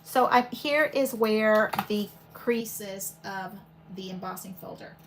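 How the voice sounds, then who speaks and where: A woman's voice: mid-range voice, takes it slowly. A woman hosting a paper crafting video, chatting casually and thinking aloud as she works at home. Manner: chatty, rambling, thinks aloud while working. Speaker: paper crafting channel host. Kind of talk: casual craft demo chat. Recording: home recording with steady background noise.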